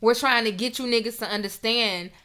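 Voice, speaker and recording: Young woman podcast host, bright tone, slightly high pitch, emphatic and profane. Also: a little fast. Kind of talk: casual podcast rant.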